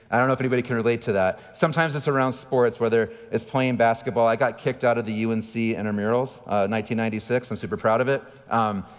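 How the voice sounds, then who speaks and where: Man preaching in a reverberant church hall. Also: mid-range voice. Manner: candid, self-deprecating storytelling with asides to the crowd. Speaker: pastor. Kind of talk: sermon. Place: large church auditorium.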